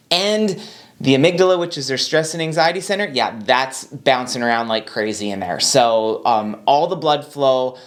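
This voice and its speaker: A calm man who works as a doctor, coaching viewers through helping someone with anxiety in a relaxed, talk-to-camera style. He is unhurried and reassuring, and he repeats himself to make his points land. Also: mid-range voice. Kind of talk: casual instructional talk to camera.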